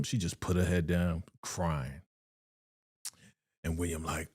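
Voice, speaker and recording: Animated man hosting a reaction stream. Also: low voice, unhurried, long pauses, husky, no room sound, studio quality. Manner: animated, slangy, repeats phrases, frequent sighs. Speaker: live-stream reaction host. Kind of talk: casual live reaction chat.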